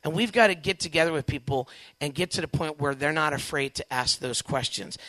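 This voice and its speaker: A man giving a lively testimony talk to young Catholics, acting out quoted dialogue with big swings in pitch and volume. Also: no echo. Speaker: Catholic speaker addressing young people.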